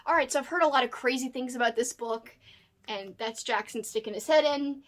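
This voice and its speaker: A woman chatting to the camera at home, bubbly and excitable, showing off new books and talking to her dog between them. She speaks casually, like a book vlogger. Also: a little high, brisk. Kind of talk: casual unboxing chat to camera.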